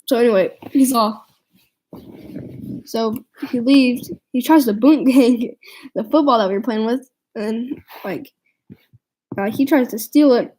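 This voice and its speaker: Teen girl rambling thru a story, says like a lot, kinda high but soft warm tone. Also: measured pace, long pauses, low-quality recording. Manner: rambling, full of "like" fillers and restarts. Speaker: vlogger. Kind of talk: storytime vlog.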